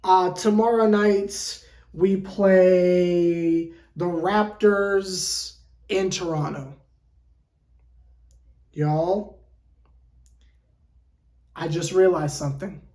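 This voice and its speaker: A woman's voice: fairly low pitch, extremely slow, long pauses, dark tone, echoey room. A woman sports fan vlogger ranting in an exasperated, theatrical way, with lots of rhetorical questions. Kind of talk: fan reaction rant.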